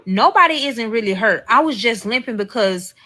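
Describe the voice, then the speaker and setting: A woman's voice: on the high side, expressive, moderate pace, sharp tone. A woman telling a personal story in a casual storytime monologue, blunt and profane, talking straight to her viewers. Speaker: storyteller in a played clip.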